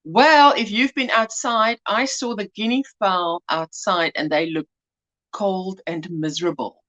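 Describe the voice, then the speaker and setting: A woman's voice: mid-range voice, steady tone, measured pace, a bit bright, lo-fi sound. A woman hosting a casual livestream, greeting viewers by name with pet names and laughing often. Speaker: livestream host. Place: indoors at home.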